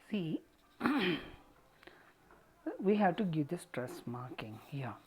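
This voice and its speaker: In a deep, warm voice, a college English teacher walks through a textbook exercise one step at a time, often saying "see" and "so."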